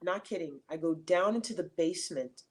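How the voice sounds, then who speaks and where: A middle-aged woman speaks as an interview guest over a remote mic. Her voice sits a little low for a woman. She tells her stories in a loose, animated way, laughing and circling back with fillers and restarts. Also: fairly quick, slight background noise. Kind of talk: casual storytelling in an interview.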